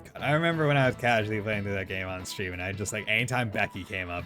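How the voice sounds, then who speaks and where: A man's voice: on the low side, fast talker, hardly any pauses, sharp tone, soft background music. A young man giving casual, rambling commentary while streaming a video game, joking and laughing often.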